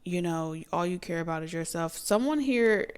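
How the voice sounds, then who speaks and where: A young adult woman giving a casual tarot reading as a psychic medium, chatty and emotive, with soft asides. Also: fairly low pitch, expressive, moderate pace, clean tone.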